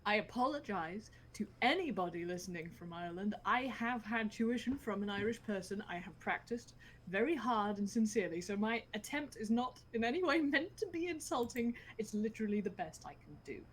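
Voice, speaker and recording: Lively, giggly woman player. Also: medium pitch, a little fast, slight background noise. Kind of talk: casual chat.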